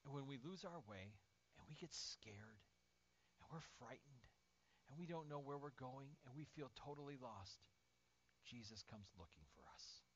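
A male pastor preaching a lively sermon, swinging from loud, acted-out outbursts to near-whispers. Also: mid-range voice, measured pace, a little hiss or hum. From Indiana, USA. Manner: animated, acts out voices and swings from shouting to near-whisper. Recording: dull lo-fi sermon audio.

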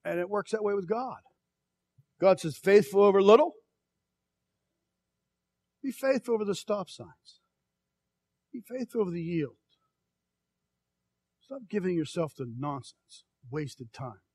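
A middle-aged male pastor preaching a sermon in a folksy, storytelling way, moving from soft, slow, hushed passages to loud, emphatic calls. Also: high-pitched, lively intonation, husky, dry recording. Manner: folksy, tells personal stories.

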